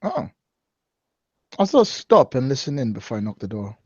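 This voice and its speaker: A man playing a tabletop game, lively and chatty. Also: mid-range voice, moderate pace, slightly rough, no echo, lo-fi sound. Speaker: player.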